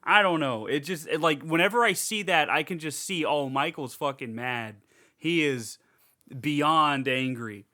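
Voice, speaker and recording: A man's voice: on the high side, normal speed. A man co-hosting a podcast, chatting casually about a horror movie, swearing freely and acting out scenes in voices. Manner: animated, swearing, acts out scenes in funny voices. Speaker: podcast co-host. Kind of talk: casual movie review chat.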